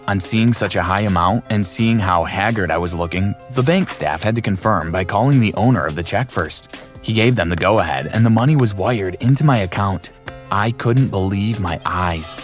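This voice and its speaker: A man narrating his own story in an earnest, plain first-person voice for an animated story. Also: on the low side.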